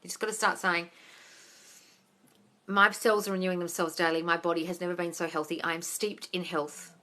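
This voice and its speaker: Woman coach on a phone live Q&A: low-ish, bright, forceful voice, blunt and sweary, says darling a lot. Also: flat delivery, brisk. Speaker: manifesting coach. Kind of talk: live-stream Q&A.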